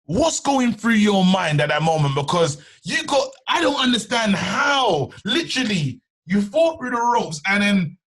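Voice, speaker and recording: A male podcast co-host asking eager, excited questions in a casual interview. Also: high voice, unhurried, hardly any pauses.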